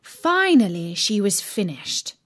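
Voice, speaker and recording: A woman reading a children's story aloud in an expressive, gently dramatic way. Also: medium pitch, slow.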